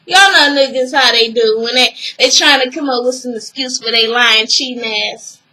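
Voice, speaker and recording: A young woman casually recapping a TV episode, retelling scenes with animated quotes and swearing freely. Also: on the high side, moderate pace, rough recording.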